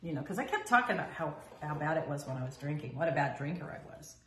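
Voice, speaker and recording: A woman's voice: low voice, quick pace, echoey room, slight background noise. A middle-aged woman candidly telling her own recovery story and acting out the people she quotes. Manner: candid, animated, quoting others in dialogue. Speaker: recovery vlogger. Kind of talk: personal storytelling monologue.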